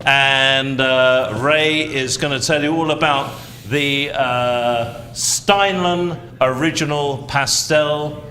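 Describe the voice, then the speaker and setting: A man calling bids as auctioneer at a live art sale, with brisk showman patter. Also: medium pitch, fairly even intonation, pushed and bright, a little hiss or hum. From England.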